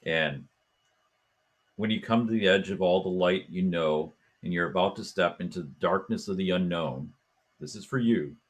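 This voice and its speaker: A man hosting a talk show, telling a story in a casual, animated way and acting out voices and chants as he goes. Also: low-pitched, moderate pace, breathy edge. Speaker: podcast host.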